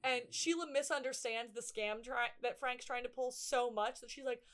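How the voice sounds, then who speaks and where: High voiced woman cohost, chatty tv recap, acts out the lines as she goes. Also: moderate pace, hardly any pauses. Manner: lively storytelling, acts out characters' lines. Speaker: podcast co-host. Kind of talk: casual TV recap chat.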